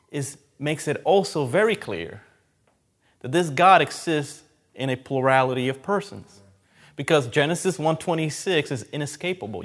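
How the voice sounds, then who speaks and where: A man preaching a sermon, emphatic, often repeating key phrases and swinging between loud and quiet. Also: on the high side.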